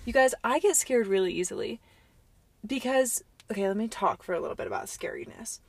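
A woman's voice: on the high side, expressive, a little fast, gravelly, breathy edge, no echo. Young female co-host, casual rambling chat, dry sound. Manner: chatty, lots of likes and ums. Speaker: podcast co-host.

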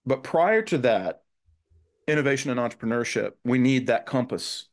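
A man speaking as a guest on a podcast, his pitch sitting in an ordinary middle range. He talks earnestly and thoughtfully, often restarting his sentences as he works through his ideas. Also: lively intonation, moderate pace. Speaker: guest author. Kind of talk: conversational podcast interview.

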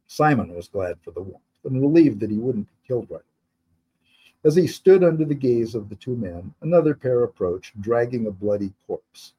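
A man reads his own historical fantasy novel aloud as narrator, steady and measured. His voice is mellow and dark, with a husky edge. He keeps an even middle pitch throughout. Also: low-quality recording. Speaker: author.

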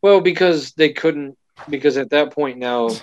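A man's voice: fairly high pitch, measured pace, smooth. A man co-hosting a casual chat, rambling with lots of fillers and restarts. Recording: dull lo-fi dry sound.

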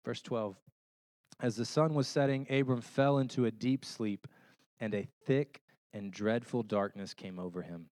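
A man's voice: medium pitch, unhurried, no room sound. Conversational man preaching a sermon. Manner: conversational, checks in with listeners through rhetorical questions; animated storytelling with homey illustrations. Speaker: pastor.

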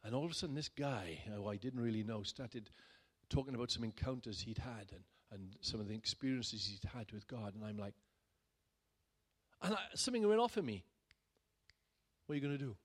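A man, a pastor, telling a personal story in a sermon in a chatty way that builds to loud, emphatic bursts. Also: lowish voice, a little fast, few pauses, breathy edge. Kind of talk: sermon testimony.

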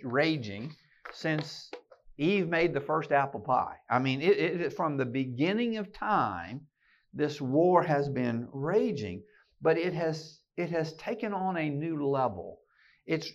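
A man's voice: on the high side, fairly bright tone, dull audio. A man giving a fiery keynote sermon to a room of listeners, emphatic and rallying, often restarting his words. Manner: emphatic, rallying, with many repeated word restarts. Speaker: keynote speaker and podcast host. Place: meeting room with an audience.

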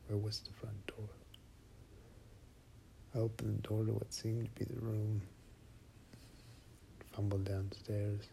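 A low, gravelly male voice narrates a dark first-person tale, slow and hushed, sliding into whispers. His delivery stays flat and even. A faint hiss of noise sits behind him.

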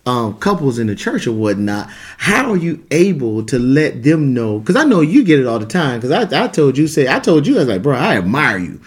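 A man co-hosting a casual podcast chat about faith and marriage, talking in an emphatic, animated way like a preacher. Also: mid-range voice, brisk, hardly any pauses, husky.

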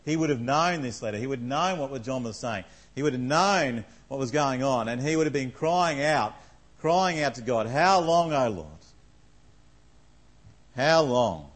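A man's voice: mid-range voice, rough recording. A man preaching a conversational sermon, reading scripture aloud and asking the congregation questions along the way. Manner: conversational, asks the congregation questions, many fillers.

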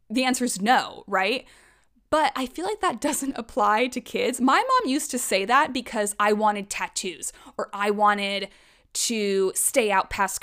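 A woman's voice: on the high side, fairly bright tone. A woman in her thirties talking frankly and emotionally in a personal monologue, swearing casually.

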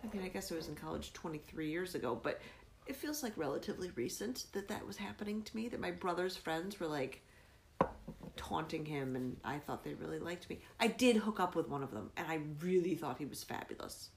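A woman's voice: fairly low pitch, animated, fairly quick, creaky, a little hiss or hum. Rambling storyteller woman in her forties. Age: 40s. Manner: rambling, storytelling, laughing often. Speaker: podcast host. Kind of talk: casual chat.

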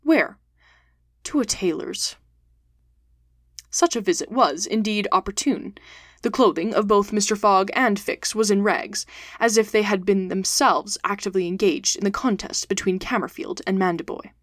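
A woman hosting a storytelling podcast, reading a classic novel aloud in a steady, clear, expressive way. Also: mid-range voice, moderate pace, dry recording, clean studio sound.

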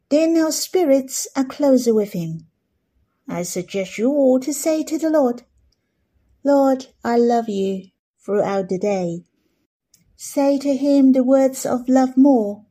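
A woman giving gentle devotional Bible teaching and leading listeners through spoken prayer. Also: fairly high pitch.

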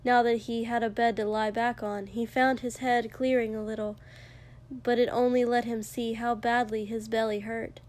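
A woman narrating a fiction story aloud in a measured, expressive way. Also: a little high. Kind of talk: audiobook fiction reading.

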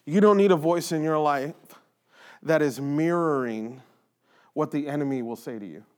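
A man's voice: fairly high pitch, moderate pace. A man who leads in a church, talking earnestly and emphatically in a casual faith conversation, repeating phrases for stress. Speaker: church leader.

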